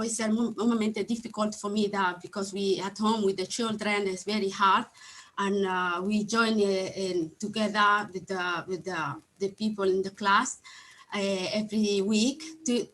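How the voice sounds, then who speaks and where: Slow, halting woman speaking English as a learner. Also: mid-range voice, a bit bright, poor audio. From Somalia or Italy. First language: Somali. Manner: halting, searching for words, apologetic. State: emotional. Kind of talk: online conference testimony. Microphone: video call.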